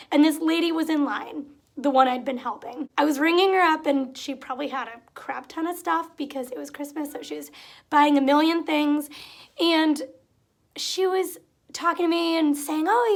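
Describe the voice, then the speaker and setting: In a creaky, high-sitting voice, a young adult woman shares stories from her retail days on her vlog. She's casual and chatty, acting out customers' lines with mounting exasperation. A cat is nearby in the home room where she records.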